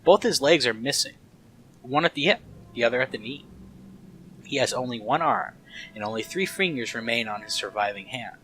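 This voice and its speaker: Bright-voiced man reading game text. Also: medium pitch, lively intonation, normal speed, long pauses, slight background noise, low-quality recording. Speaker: let's play host.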